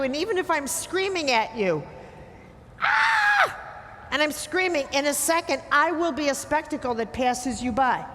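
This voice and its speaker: Blunt high-voiced woman lecturing in a hall. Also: fairly bright tone, a little hiss or hum. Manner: blunt, emphatic, teasing. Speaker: speaker giving a talk. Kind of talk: lecture to a live audience. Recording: hall reverb with faint ambience.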